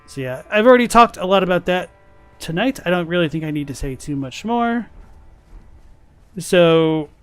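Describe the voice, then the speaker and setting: A man's voice: high voice, expressive, normal speed, long pauses, clear, resonant tone, no room sound, soft background music. A man streaming a game, chatting casually about its lore and thinking aloud as he plays. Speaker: gaming streamer. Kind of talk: casual gameplay commentary with lore talk.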